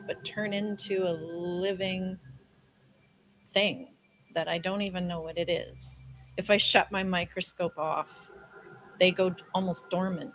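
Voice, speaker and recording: A woman's voice: lowish voice, a little hiss or hum. A woman speaking earnestly and hesitantly in casual conversation, searching for words.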